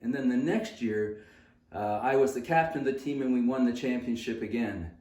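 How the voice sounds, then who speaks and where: A man's voice: mid-range voice, normal speed, darkish tone. A man in his sixties, host of a fitness channel, tells a personal story in an earnest, conversational way and repeats words for emphasis. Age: 60s. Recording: roomy sound from a distance.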